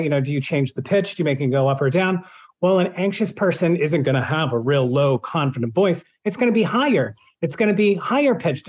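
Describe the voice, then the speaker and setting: A man's voice: fairly high pitch, a little mellow, dull audio. A man who narrates audiobooks, answering in an interview and explaining his process at length with examples.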